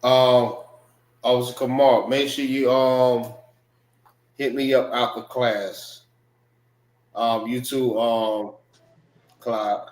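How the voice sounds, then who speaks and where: A man leads a language class at an unhurried pace, going over each word again and again. His voice has a mid pitch and echoes around the room he teaches in. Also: flat delivery, darkish tone. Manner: slow, repeats words while spelling them out. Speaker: religious class instructor.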